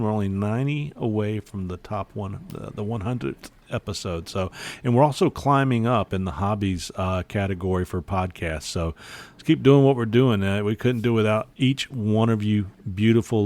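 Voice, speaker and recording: A man hosts a casual podcast over a video call, his voice sitting a bit low. He talks in a loose, folksy ramble, pausing often to find his words. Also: darkish tone. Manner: rambling, folksy, many "uh" pauses. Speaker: podcast host.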